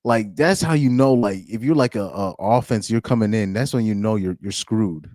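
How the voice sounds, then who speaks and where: A man's voice: on the low side, a little fast, darkish tone, dry recording, studio quality. Laid-back man rambling over a football game. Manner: laughs often, loose and rambling with many restarts. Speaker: live-stream host reacting to a football game. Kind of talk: casual live reaction commentary.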